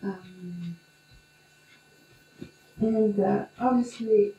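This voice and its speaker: A woman's voice: medium pitch, extremely slow, dark tone, lo-fi sound. A woman asking a question, hesitant and full of ums and uhs. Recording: far from the mic in an echoey room with faint hum.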